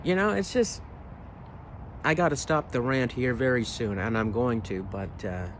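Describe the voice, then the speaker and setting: A man's voice: mid-range voice, moderate pace, slight background noise, poor audio. A man with a weathered voice, a singer talking frankly in a casual vlog, emphatic and frustrated, with rhetorical questions. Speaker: singer and video creator.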